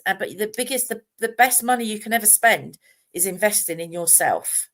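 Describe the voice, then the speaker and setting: A woman's voice: medium pitch, a little fast, a bit bright. A middle-aged woman, talking casually and chattily about meditation on a live stream, rambling with fillers and restarts. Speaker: meditation teacher.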